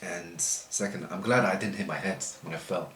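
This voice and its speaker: A man's voice: sits low, moderate pace. A man recounting what happened to him in casual chat, laid-back and laughing at his own story. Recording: echoey room with faint noise.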